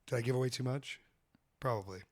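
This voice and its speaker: A man's voice: mid-range voice, quick pace. A man hosting a comedy podcast, telling loose, profane travel stories with frequent laughter. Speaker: podcast host. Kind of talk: casual comedic chat.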